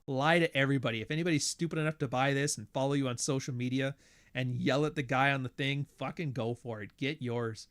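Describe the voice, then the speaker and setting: A man hosting a podcast, talking in a blunt, profane, sardonic rant and slipping into quick impressions of other people as he tells stories. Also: mid-range voice, clear, resonant tone. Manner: animated, mimics others mid-story. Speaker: podcast host. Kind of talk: casual ranting monologue.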